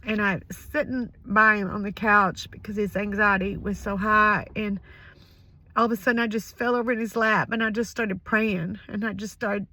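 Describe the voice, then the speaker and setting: An older woman sharing a personal faith story, emotional and halting, often sinking to a whisper. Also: mid-range voice, fairly even intonation, sharp tone. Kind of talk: personal spoken reflection.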